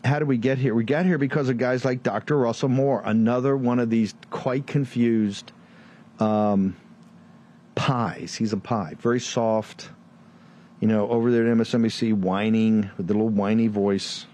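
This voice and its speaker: A combative man hosts a political commentary show. He fires off rhetorical questions and sarcastic asides at a middling pitch. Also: fairly even intonation, normal speed, warm tone. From Virginia, USA. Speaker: show host.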